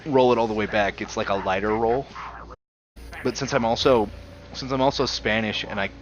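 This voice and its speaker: A man's voice: on the low side, steady tone, moderate pace, muffled recording, a little hiss or hum. A man with a light Southern US accent, chatting loosely with a friend during a game and rambling with many "like"s. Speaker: gaming friend on voice chat. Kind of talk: casual chat while gaming.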